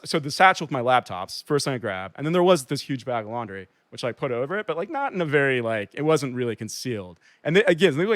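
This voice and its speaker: A New York transplant tells a personal story casually, rambling with lots of "likes," fillers, and restarts. His voice is on the high side with a fairly bright tone and no room sound.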